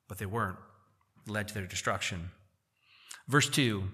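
Bright-voiced male pastor preaching. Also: medium pitch, fairly even intonation. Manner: reads verses slowly then explains in casual conversational asides. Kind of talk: sermon. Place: church.

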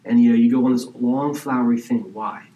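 A man's voice: medium pitch, a little fast, mellow, echoey room, far from the mic, low-quality recording. A male pastor preaching a sermon in a conversational way, asking the congregation questions and doing mocking impressions now and then. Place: church sanctuary.

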